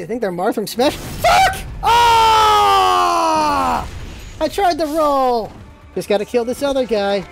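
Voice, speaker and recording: Let's play host, high voice, very lively swinging pitch, excitable, repeats words in bursts, swears freely. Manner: swears freely when things go wrong. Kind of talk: excited gameplay commentary.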